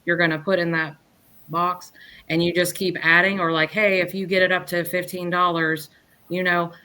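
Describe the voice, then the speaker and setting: A woman guest on a podcast, chatting casually in a rambling, lively way and often restarting her sentences. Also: fairly low pitch, moderate pace. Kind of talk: casual chat.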